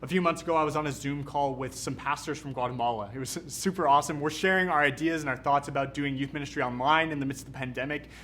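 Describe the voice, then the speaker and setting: A young man from Canada, a youth pastor giving an energetic, conversational sermon. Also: a little high, fast, few pauses, a little hiss or hum. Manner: energetic, casual, conversational preaching.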